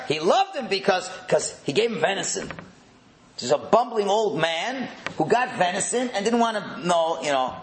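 A middle-aged man leading a religious text class, animated, firing rhetorical questions and repeating words. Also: sits high, normal speed, reverberant, a little hiss or hum, poor audio. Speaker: religious teacher.

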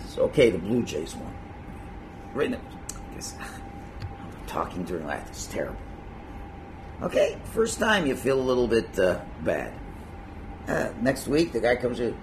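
A man teaching a religious class in a lively, conversational way, acting out little scenes and chuckling at his own points. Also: medium pitch, measured pace, long pauses, noisy background. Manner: animated, acts out quotes, chuckles at own points. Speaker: Torah teacher.

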